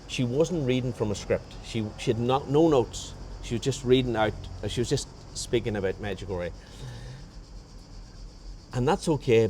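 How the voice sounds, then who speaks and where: This guest tells his faith testimony as a rambling personal story, frequently starting sentences over and quoting others' words. His voice sits mid-range with a darkish tone, and a little hiss or hum runs under the recording.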